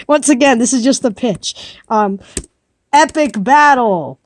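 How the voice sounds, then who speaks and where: A woman rambling playfully through a story pitch, amused at her own ideas. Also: expressive, slow pace.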